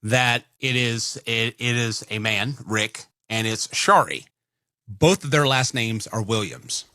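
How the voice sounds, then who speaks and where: A man's voice: medium pitch, animated, takes it slowly, pushed and bright, no echo. A man co-hosting a morning radio show, talking in a rambling, conversational way at a studio mic. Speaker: radio co-host. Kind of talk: casual morning radio chat. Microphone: studio microphone.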